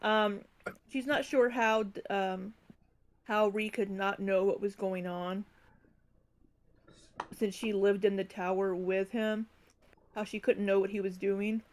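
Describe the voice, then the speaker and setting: A woman's voice: medium pitch, fairly even intonation, takes it slowly, long pauses, darkish tone. A woman playing a tabletop game, thoughtfully explaining her character's view. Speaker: player.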